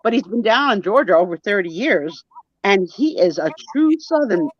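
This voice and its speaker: A woman hosting a live sale and chat, teasing her guests in playful, animated banter over a video call. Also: mid-range voice, moderate pace, dry recording, muffled recording. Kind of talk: casual live-stream chat.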